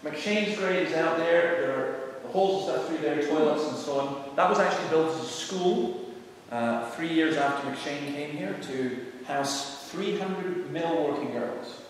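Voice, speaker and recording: A middle-aged man with a voice on the high side speaks at a measured pace, hardly pausing, as a preacher and evangelist telling earnest, conversational stories to visitors touring a large church. The sound is distant and echoey, with slight background noise.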